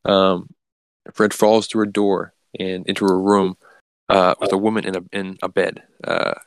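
Low gravelly man rambling through a recap. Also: flat delivery, a little slow, no echo. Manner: rambling, full of "like" and restarts. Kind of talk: casual comic book recap.

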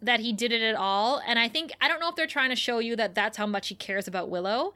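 A woman co-hosting a relaxed podcast, walking through an episode with lively storytelling. Her voice sits fairly high and sounds bright and forceful. She laughs often as she talks. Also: quick pace, clean tone. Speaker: podcast co-host. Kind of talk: casual chat recapping a TV episode.

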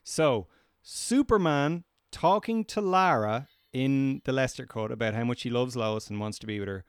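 A man co-hosts a casual film podcast with a mid-range voice. He sounds animated and opinionated as he steers the segments, and his voice comes across dry and close with no room sound. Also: medium pitch, moderate pace, clean tone, no room sound. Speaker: podcast co-host.

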